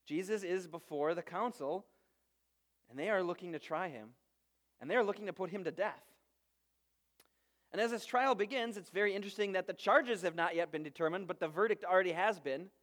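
A man in his thirties, a pastor preaching a sermon and telling stories with lively quoted voices. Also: high-pitched, a little fast. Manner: storytelling, animated quoted voices.

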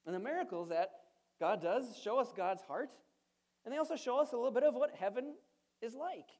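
A man's voice: very high voice, lively intonation, fairly quick, darkish tone. A male pastor giving a sermon in a conversational style, asking the congregation rhetorical questions and adding playful asides.

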